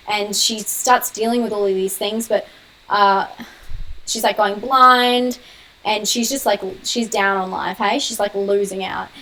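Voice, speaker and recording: A young woman hosting a casual live-stream Q&A on her horror channel. She talks quickly, laughs often and answers viewers' comments. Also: mid-range voice, a bit bright, low-quality recording.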